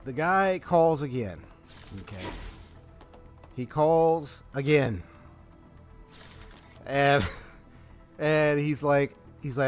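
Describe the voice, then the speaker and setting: A man's voice: on the high side, lively intonation, unhurried, pauses often, faint music behind. A man streaming a video game live, chatting casually and telling a story with frequent laughs. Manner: chatty storytelling, laughs often, reads game dialogue aloud. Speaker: gaming streamer. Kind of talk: casual live gameplay chat.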